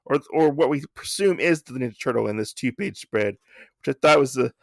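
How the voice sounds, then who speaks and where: A man's voice: mid-range voice, expressive, a little fast, creaky, no room sound, studio quality. A man hosting a podcast, recapping a comic in a rambling, casual way, swearing now and then. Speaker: podcast host.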